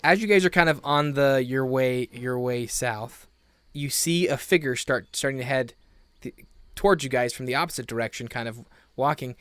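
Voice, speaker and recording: A man narrating a tabletop game as game master, in a loose, giggly way with many pauses and restarts. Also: medium pitch, a bit bright, smooth, dry recording.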